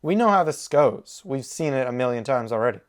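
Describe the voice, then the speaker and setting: A man hosting a reaction video, talking excitedly back at the characters on screen. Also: medium pitch, brisk. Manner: animated, exclaims and talks to the characters.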